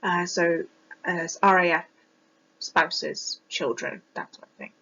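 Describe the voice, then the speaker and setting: A woman's voice: lowish voice, fairly even intonation, slow pace, vocal fry, pushed and bright, breathy edge. A woman with a British received pronunciation accent, giving a reflective personal presentation with frequent ums and restarts. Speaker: student presenter. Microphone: close mic that sometimes distorts. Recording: dull lo-fi home recording.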